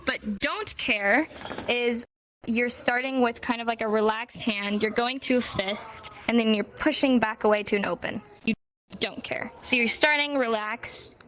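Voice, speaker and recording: A woman teaching a sign language class in a relaxed, teasing way, slowing down to model each phrase. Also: on the high side, a little hiss or hum, low-quality recording. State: hot and sweaty. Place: warm room, virtual reality class.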